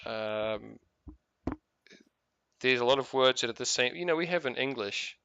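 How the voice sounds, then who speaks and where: A married man chats casually while he plays, rambling from one thought to the next and swearing freely. His voice is gravelly with a bright, forceful edge. The recording is dry and a little dull, like a lo-fi mic. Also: medium pitch, unhurried, dry recording. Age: adult, married for years. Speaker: gaming streamer. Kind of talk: casual chat while playing.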